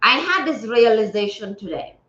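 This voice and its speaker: A woman from Gambia runs a spiritual livestream, her voice a little high, a bit bright, and expressive at a moderate pace. Casual but earnest and preachy, she repeats phrases for emphasis, and the audio is roomy, dull, and lo-fi.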